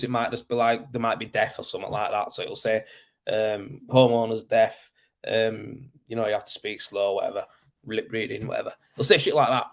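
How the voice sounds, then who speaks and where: A man, a plasterer, chatting casually on a live stream and telling work stories, laughing often and swearing freely. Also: medium pitch.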